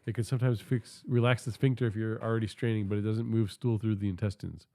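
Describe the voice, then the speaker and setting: A man's voice: on the low side, fairly even intonation, fast, dark tone, no echo. A text-to-speech male voice reading polite, careful assistant replies full of advice. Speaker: AI chat assistant.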